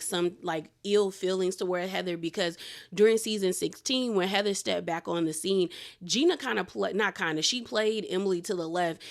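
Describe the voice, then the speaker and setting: A woman's voice: on the low side, a bit bright. A woman casually recapping a reality TV episode, chatty and opinionated, with lots of "like". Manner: chatty and opinionated, heavy use of "like".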